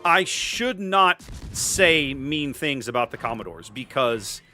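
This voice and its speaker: Bright, lively Cajun-tinged streamer. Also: male voice, mid-range voice, slow pace, faint music behind. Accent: Cajun Louisiana. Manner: chatty, upbeat, greets chat often. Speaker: streamer host. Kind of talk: live gameplay commentary.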